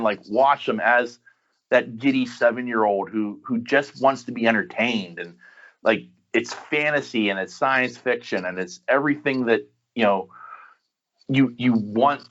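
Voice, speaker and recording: A man's voice: medium pitch, fairly bright tone. Rambling man with a dull lo-fi sound. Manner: rambling and enthusiastic, many restarts. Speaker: podcast guest. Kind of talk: casual chat.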